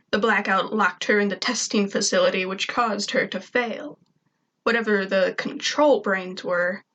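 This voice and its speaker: A woman's voice: medium pitch, a bit bright, poor audio. A woman reading a first-person story aloud in a snarky, conversational way. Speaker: fan fiction reader.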